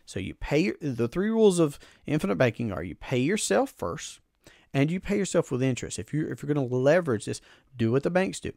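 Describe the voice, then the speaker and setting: A man's voice: on the high side, big pitch swings, brisk, vocal fry, a little mellow, no echo, clean studio sound. A man hosting a podcast, explaining a finance idea in an earnest, emphatic way and often repeating his phrases. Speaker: podcast host.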